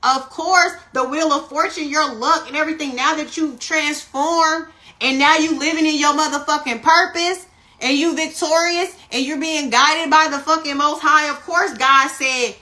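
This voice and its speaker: High bright-voiced woman giving a reading. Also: normal speed. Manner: animated, profane, keeps asking "you see what I'm saying". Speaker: tarot reader. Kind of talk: casual live-stream spiritual reading. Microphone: phone.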